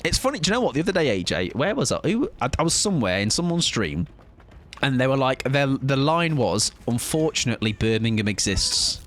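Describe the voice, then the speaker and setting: A man's voice: mid-range voice, big pitch swings, a bit bright. A man from southern England chatting casually to his viewers while streaming a game, joking at his own expense. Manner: chatty, self-deprecating, quick asides to chat. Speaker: gaming streamer. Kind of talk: casual live-stream chat.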